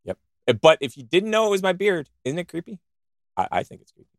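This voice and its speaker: A man co-hosting a show, chatting in a rambling, jokey and excitable way, cracking himself up as he goes. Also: sits high, fast talker, dry recording, studio quality. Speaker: co-host of a podcast show. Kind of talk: casual banter.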